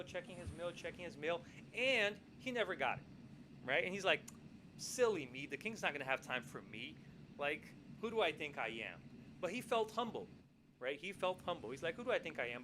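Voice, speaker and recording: A man co-hosting a podcast, telling a story in casual, animated style, acting out quoted lines and often adding "right?". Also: a little high, slight background noise, rough recording. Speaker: podcast co-host.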